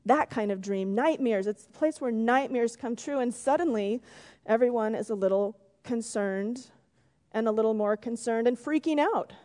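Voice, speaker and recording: Woman giving a sermon, slowish and gentle, bit high voice, echoey church hall. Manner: gentle, drops to a whisper for emphasis. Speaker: preacher. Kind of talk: sermon with storytelling and prayer. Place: church sanctuary. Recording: long reverb in a church hall.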